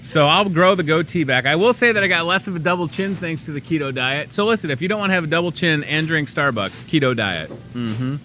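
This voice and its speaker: A man's voice: fairly high pitch, fairly quick, few pauses, slight background noise. A man hosting a live daily talk show, joking around in casual chat with his guests. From Chicago area. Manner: jokey, playful, animated.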